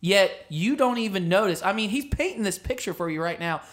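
Brief: man, 30s, casual co-host, lively anecdotal storyteller. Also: high voice, fairly quick. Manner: animated storyteller, acts out quotes. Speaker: podcast co-host. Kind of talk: casual chat.

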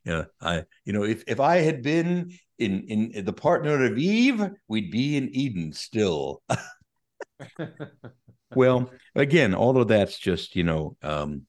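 A man's voice: lowish voice, sing-song, slow pace. A middle-aged man, a Catholic priest, talking through ideas on a podcast and acting out imagined inner voices to explain them. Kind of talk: casual podcast discussion on faith.

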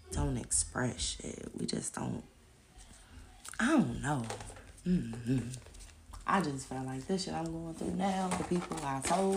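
A woman's voice: deep voice, gravelly, background noise. A woman, telling her own stories in a blunt, profane monologue as a podcast host. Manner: blunt, profane, animated storytelling. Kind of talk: casual monologue.

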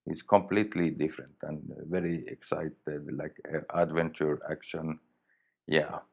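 Very deep-voiced Swedish storyteller. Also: male voice, creaky. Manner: halting, plain wording, many fillers. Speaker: podcast storyteller. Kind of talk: reading a story aloud.

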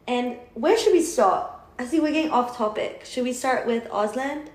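A woman's voice: on the high side, normal speed. A young adult woman co-hosting a podcast in a giggly, chatty casual conversation. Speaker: podcast co-host. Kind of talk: casual chat. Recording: echoey room.

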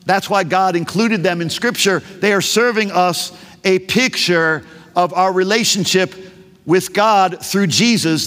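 High-voiced preaching man in a hall. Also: fairly bright tone. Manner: impassioned preaching with rhetorical questions. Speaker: pastor. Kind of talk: sermon. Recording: long reverb of a large hall.

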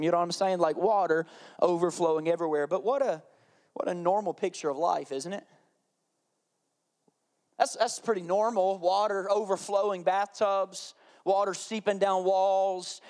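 Male pastor, thirties, animated storyteller, light high voice. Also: clear, resonant tone. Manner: animated storytelling, acting out his kids' voices. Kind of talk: sermon.

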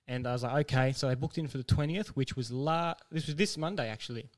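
A man co-hosting a casual podcast, telling a story with lively acted-out quotes and frequent laughter. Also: mid-range voice, fast. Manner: animated storyteller, acts out quotes, laughs often. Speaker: podcast co-host.

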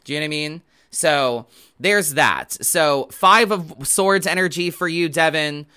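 A man with a somewhat high, very bright voice talks viewers through a tarot reading. He rambles in a loose, chatty way and lets the odd curse slip. His tone is casual and conversational. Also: a little slow, clean tone. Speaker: host and tarot reader.

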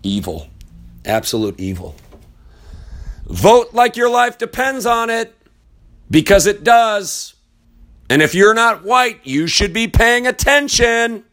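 A man's voice: high-pitched, big pitch swings, slow pace, pauses often, fairly bright tone. A man giving a profane political rant, blunt and heated, who rambles as he searches online at his computer. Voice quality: blunt and heated, swears freely. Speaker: political commentator.

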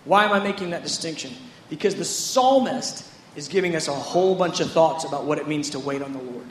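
High-voiced man preaching in echoey room. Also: fairly quick, a little hiss or hum. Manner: conversational, dramatizes scripture with acted-out quotes. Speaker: pastor. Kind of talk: sermon.

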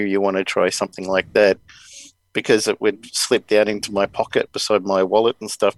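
A man's voice: on the low side, no room sound, low-quality recording. A man hosting a podcast, chatting casually and rambling with many fillers. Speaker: podcast host. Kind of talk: casual chat.

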